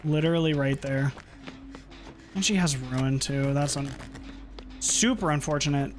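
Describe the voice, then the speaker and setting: A young man casually chatting and swearing while streaming a horror game, reacting loudly when frustrated. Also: medium pitch, a little slow. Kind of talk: casual gaming stream chat.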